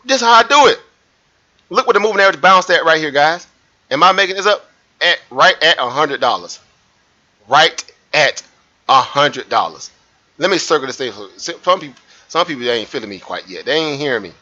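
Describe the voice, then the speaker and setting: Bright-voiced man hosting a trading stream. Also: on the high side, brisk. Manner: animated, repeats himself, asks viewers rhetorical questions. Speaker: trading livestream host. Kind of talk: live market commentary over a chart. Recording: muffled lo-fi stream audio.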